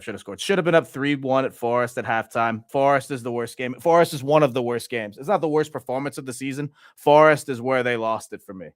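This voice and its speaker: A young man from Louisiana who hosts a fan channel vents about his football team, sounding exasperated and going over the same complaints again and again. His mid-range voice is a bit bright, recorded cleanly in a studio with no echo.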